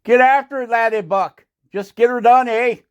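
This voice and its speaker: A bossy older mother, half leprechaun and half Canadian, as a man puts her on in a raised voice. She barks brisk, cheery commands and tacks a folksy tag onto the end of her orders. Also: very high-pitched, smooth, pitched above the performer's own voice.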